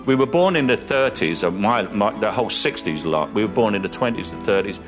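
Cockney man in an old interview, talks fast in a lowish voice, stumbling and repeating himself. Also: animated, over music. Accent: London Cockney. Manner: rambling, repeats words while searching for them. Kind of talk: archive interview.

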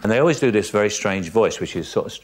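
A man with a Cockney accent, a guest in an interview, telling stories with lively mimicry. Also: on the low side, fast, noisy background. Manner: animated storyteller, mocks impressionists with lively put-on voices. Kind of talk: casual interview chat.

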